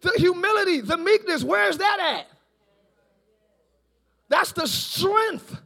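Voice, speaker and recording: A pastor preaching a live church sermon, animated and often shouting, with playful asides. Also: male voice, very high voice, slow, gravelly. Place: large church, live service.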